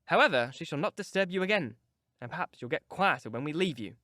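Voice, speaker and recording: A man reading an audiobook, voicing a stern, practical middle-aged housekeeper who speaks briskly and scolds. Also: a little high, animated, bright, forceful tone, no room sound, studio quality.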